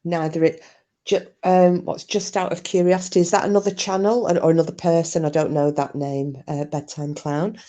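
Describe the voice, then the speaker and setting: A woman's voice: lowish voice, fairly even intonation, moderate pace, dark tone. A woman hosts a casual livestream, reading comments aloud in a chatty, sweary way. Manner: chatty, sweary, laughs easily. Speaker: livestream host.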